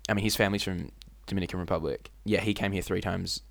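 A man's voice: low-pitched, fairly even intonation, quick pace, gravelly. A young man co-hosting a casual podcast chat, rambling with many restarts and casual swearing. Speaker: podcast co-host.

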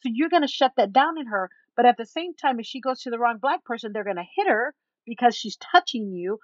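A woman guest in an interview, telling a story in an animated way and acting out the people in it. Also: on the high side, fairly quick, dry recording, lo-fi sound. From Texas. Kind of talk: storytelling in a conversation.

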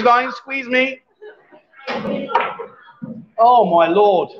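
A man's voice: sits high, expressive, normal speed, highs cut off, very noisy. A man hosting a live stream from a bar, chatting and bantering casually with a jokey manner. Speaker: livestream host. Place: busy bar with a pool table.

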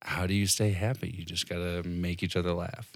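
A man's voice: deep voice, little pitch movement, fairly quick, dry recording. A young man chatting casually about a long paddling trip, laid-back and laughing often, swearing now and then. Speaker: expedition member. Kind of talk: casual podcast chat.

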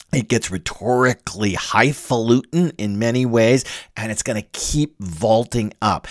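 A man giving an informal literature lecture, reading passages aloud and breaking off to comment on them in an animated way. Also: mid-range voice, dry recording, studio quality.

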